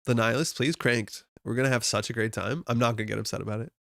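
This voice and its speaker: A man's voice: mid-range voice, steady tone, quick pace, gravelly, a bit bright, dry recording, clean studio sound. A young man from Alberta with a Canadian accent, chatting casually and thinking aloud while he builds a card game deck on a live stream, often laughing at himself.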